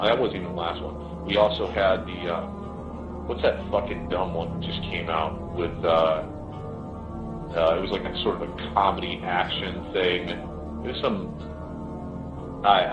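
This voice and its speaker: A man with a fairly low voice rants in a heated, profane monologue, rambling and restarting his sentences. The recording is dull and lo-fi, with a roomy echo and music playing clearly behind him. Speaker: commentator. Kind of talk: ranting monologue.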